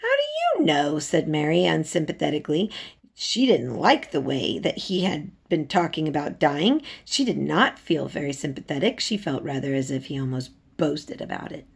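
Woman narrator reading a classic novel aloud, low and gravelly, measured delivery. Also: animated. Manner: measured storytelling. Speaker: reader.

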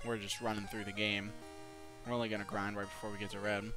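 A man's voice: on the low side, level tone, fast, over music. A young man hosting a let's play, giving casual gameplay commentary and breaking into giddy laughter and swearing.

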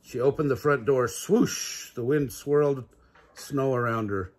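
A man's voice: mid-range voice, normal speed. An older man reading a children's storybook aloud, adding sound effects.

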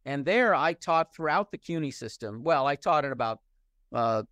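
A man's voice: on the high side, animated, normal speed, fairly bright tone, dry recording, clean studio sound. A middle-aged man from the United States, a professor answering interview questions in a discursive, candid way and often restarting his sentences.

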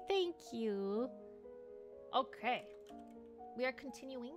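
A woman streaming a game and chatting casually with viewers, bubbly and quick to thank them, rambling along with lots of "like" in her speech. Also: on the high side, very animated, soft background music. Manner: rambling, filler-heavy speech full of "like". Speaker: VTuber streamer playing a game. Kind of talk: casual gameplay chat with viewers.

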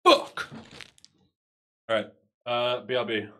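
A man's voice: mid-range voice, level tone, slow pace, fairly bright tone. A man with an English accent chatting casually on a live stream, sarcastic and swearing freely.

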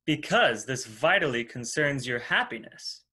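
A man's voice: medium pitch, lively intonation, unhurried, sharp tone, slightly rough, exaggerated voice. An actor playing a formal, persuasive male messiah and cult leader in an audio drama. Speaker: antagonist.

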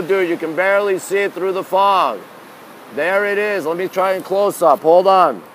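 It's night on a rainy city street, and a man live-streams there with a phone in one hand, chatting casually and reading out what viewers comment. His New York-accented voice is high-pitched and fairly bright, with faint street noise audible behind.

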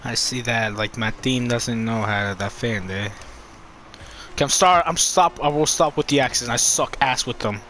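A man commenting on his own gameplay, swearing a lot and swinging between loud outbursts and low muttering. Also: normal speed, a little hiss or hum. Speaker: gamer.

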